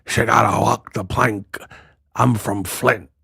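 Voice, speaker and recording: A man growling as a gruff cussing female pirate. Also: lowish voice, steady tone, pushed and bright, no room sound, clean studio sound, voice pushed down, heavily acted. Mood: mock gruff. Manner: growled drawn-out pirate talk.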